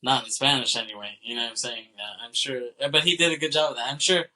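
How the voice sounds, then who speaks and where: A man co-hosting a film podcast, rambling loosely through a movie's opening scenes with a laugh never far off. His voice is very bright and sits in an ordinary middle pitch. He keeps slipping into quick quoted lines as he tells it. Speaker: podcast co-host. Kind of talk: casual film discussion.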